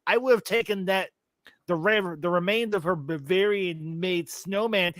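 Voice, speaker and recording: A man in his forties co-hosting a casual movie chat, telling scenes in an animated way. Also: high-pitched, moderate pace, no echo. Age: 40s. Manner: animated storyteller, acts out scenes. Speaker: movie review podcast co-host.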